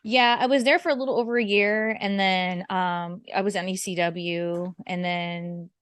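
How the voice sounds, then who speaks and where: A woman guest in an interview, telling stories in a lively, animated way and acting out the quotes. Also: moderate pace, clean tone, no room sound. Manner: animated, acts out quotes with big pitch jumps. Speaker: guest, former wrestler. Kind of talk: casual interview storytelling.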